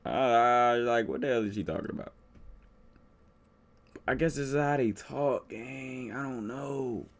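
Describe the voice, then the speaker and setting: A man's voice: medium pitch, unhurried, pauses often. A man from the Washington DC area giving casual, slangy reaction commentary to a video. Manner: slangy, offhand, talks back to the video.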